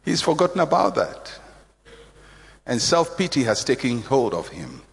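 A man preaching a sermon, emphatic and animated, acting out voices as he speaks. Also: a little slow, gravelly. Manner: animated, emphatic, acts out voices with big pitch swings. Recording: long reverb of a large hall.

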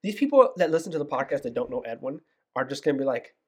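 Podcast co-host, medium-pitched voice, teasing banter and easy laughter. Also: sing-song, fast talker, darkish tone. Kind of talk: casual chat.

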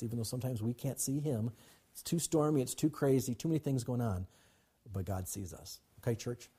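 Husky-voiced preacher rallying his church. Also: fairly low pitch, a little mellow. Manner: emphatic, repetitive, calls to the congregation. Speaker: pastor. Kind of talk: sermon.

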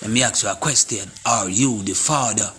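Forceful Jamaican man preaching. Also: lowish voice, moderate pace, slightly rough. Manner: preachy, repetitive, speaking in Jamaican patois; forceful and confrontational. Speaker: vlogger. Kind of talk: impassioned monologue to camera.

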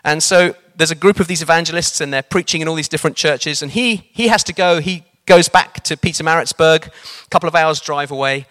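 Preacher, man, lively sermon storytelling, a bit higher voice. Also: a little fast. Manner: animated, varies pace for emphasis.

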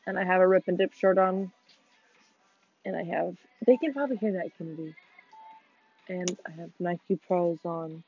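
A woman's voice: on the low side, normal speed, long pauses. A woman co-hosting a gaming chat, chatty and playful, rambling casually as she talks. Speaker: co-host. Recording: tinny phone-like dry mic, faint music.

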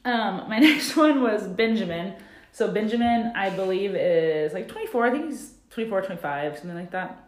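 A woman's voice: medium pitch, expressive, normal speed. A woman co-hosting a podcast, chatting and laughing as she recaps a TV show, with lots of "like" fillers, recorded without a proper mic. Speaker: podcast co-host. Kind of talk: casual chat recapping a TV show. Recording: echoey room, no proper mic.

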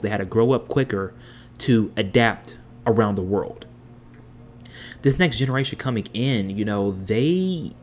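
A young man in his twenties hosts a podcast and talks straight into the mic. His delivery is blunt and heated, full of profanity, and his voice sits at an ordinary pitch. A faint hiss of background noise runs under the recording. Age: 20s. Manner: blunt, heavy cursing, heated rants. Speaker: podcast host. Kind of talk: personal monologue.

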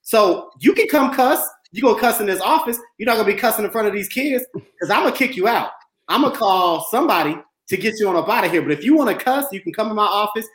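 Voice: medium pitch, animated, fast, a bit bright. A school leader in their thirties co-hosting a casual podcast, talking bluntly and jokingly and repeating short phrases. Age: 30s. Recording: echoey room.

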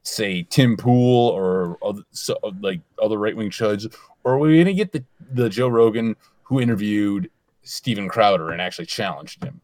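A man's voice: lowish voice, darkish tone, no echo. Dry-sounding male podcast host. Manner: halting, lots of restarts and laughs. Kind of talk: casual chat.

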